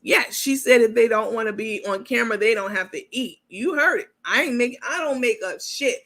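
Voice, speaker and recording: Bright forceful lady on a live stream, blunt and cussing, reads chat comments out loud. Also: a little high, brisk. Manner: blunt, profane and sassy, talking straight to viewers. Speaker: host of a live gossip commentary show.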